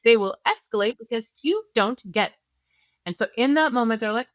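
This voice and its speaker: A woman's voice: a little high, lively intonation, fairly quick, no room sound, studio quality. A woman, a parenting expert guest on a podcast, explaining her method through worked-through scenarios and often checking in with "right?". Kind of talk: podcast interview.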